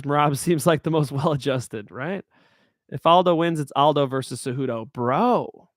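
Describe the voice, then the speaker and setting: A man hosting his own show, chatting casually about fight picks in a hype-driven way, swinging between loud and soft. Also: on the high side, dry recording, studio quality. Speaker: show host. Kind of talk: casual fight-pick talk.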